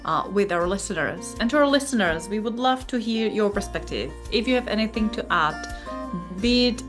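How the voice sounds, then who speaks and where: A woman's voice: mid-range voice, animated, normal speed. A woman hosting a podcast, thanking her guests and wrapping up in an upbeat way. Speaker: podcast host. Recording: faint music underneath.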